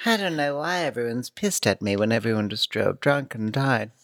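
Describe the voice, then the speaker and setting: Gravelly wisecracking co-host, dry sound. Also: mid-range voice, lively intonation, moderate pace, no room sound. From Manhattan. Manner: wisecracking, crude jokes, shouted bits. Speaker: podcast co-host. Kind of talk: casual comedic chat.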